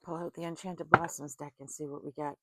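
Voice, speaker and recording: A woman's voice: deep voice, steady tone, a little fast, pushed and bright, no echo, clean studio sound. A woman in casual chat who reads tarot cards, talking chattily and laughing often between remarks. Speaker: tarot reader.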